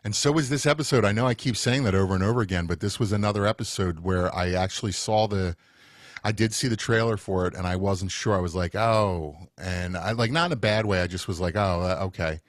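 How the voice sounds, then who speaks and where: A man's voice: low-pitched, brisk, no echo, studio quality. A man co-hosting a TV review podcast, chatting enthusiastically and rambling with fillers. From United States. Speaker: podcast co-host. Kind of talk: casual chat.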